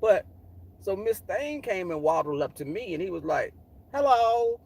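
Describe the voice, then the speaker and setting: A man's voice: normal speed, husky. A middle-aged man telling a story casually and animatedly, sassy and profane. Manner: animated, sassy, profane, jumps into high voices for quotes.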